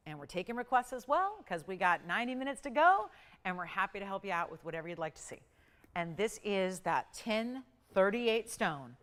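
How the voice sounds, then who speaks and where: A woman hosting a live jewelry shopping show, pitching pieces and counting prices down in an upbeat sales patter. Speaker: shopping channel host. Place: TV studio.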